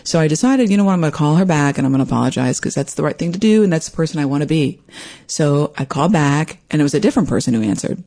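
A woman hosting her own podcast, telling a personal story in a lively way and acting out what people said. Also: deep voice, very fast. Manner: animated, acts out quoted voices. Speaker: podcast host.

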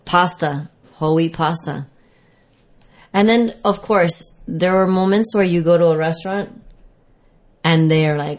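A woman's voice: low-pitched, unhurried. A woman fitness trainer giving casual advice on food and exercise, rambling and correcting herself as she explains.

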